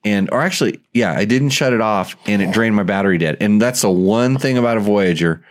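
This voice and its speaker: Rambling low-voiced male host. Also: brisk. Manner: rambling, enthusiastic, many restarts. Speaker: show host. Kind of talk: casual podcast chat.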